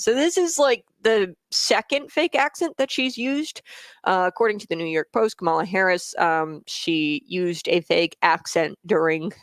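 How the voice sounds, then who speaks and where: A woman's voice: on the low side, no echo. A woman hosting talk radio, giving blunt, scornful political commentary peppered with "uh" and "okay?". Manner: blunt and scornful, with frequent "uh" fillers and "okay?" tags.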